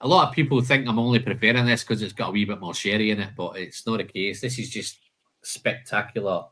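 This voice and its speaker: A man's voice: fairly low pitch, fast talker, a bit bright. A man hosting a live whisky tasting, listing flavour notes and chatting casually, calling people "man" and "mate".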